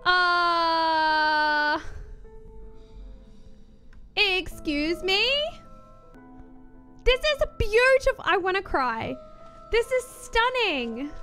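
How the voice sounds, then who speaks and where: A young woman streaming a game, gushing and excitable, swearing casually as she reacts. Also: extremely high pitch. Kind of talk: gaming reaction commentary.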